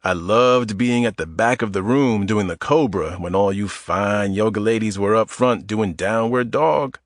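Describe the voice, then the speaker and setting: A man's voice: lowish voice, measured pace, no echo, studio quality, natural voice. A man voicing a wisecracking, self-mocking man in his forties in an audiobook. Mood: joking. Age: 40s. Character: mid-forties man, stiff and sore, joking flirt.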